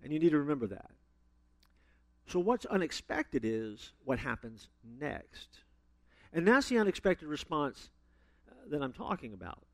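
A man's voice: fairly high pitch, big pitch swings, moderate pace, long pauses, no room sound. A man preaching a sermon as a pastor, telling stories and acting out the people he quotes. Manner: storytelling, acts out quoted voices with big swings.

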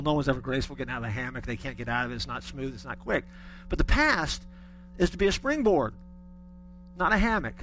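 A man's voice: a little high, pushed and bright. A middle-aged man preaching a sermon, telling stories with folksy humor. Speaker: pastor.

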